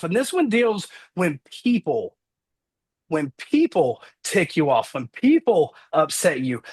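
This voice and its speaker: A man giving a fervent motivational talk, slowing down and rising for emphasis. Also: high-pitched. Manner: fervent, preacher-like, swings loud and slow for emphasis. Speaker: top-producing insurance agent, guest.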